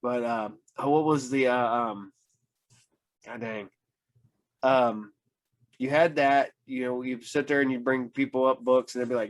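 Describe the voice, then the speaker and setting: A man's voice: mid-range voice, fairly even intonation, unhurried, long pauses. A man hosting a podcast, telling rambling anecdotes in a casual chat, full of fillers and acting out what people said. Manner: rambling storyteller, acts out quoted voices, many fillers. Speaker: podcast host.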